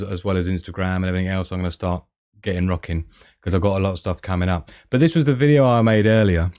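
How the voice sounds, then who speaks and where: Chatty man with a low voice. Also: darkish tone. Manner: rambling, chatty, laughs often. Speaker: live stream host. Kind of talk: casual live-stream chat.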